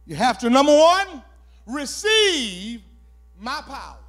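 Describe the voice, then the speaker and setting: A pastor preaches a sermon, calling for responses and shouting key words as he repeats phrases. His voice is very high and very animated, delivered at a slow pace.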